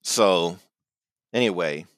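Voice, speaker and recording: Halting, low-voiced comedy podcaster. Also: male voice, noisy background. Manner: hesitant, halting with fillers. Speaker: podcast co-host. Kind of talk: casual comedic chat.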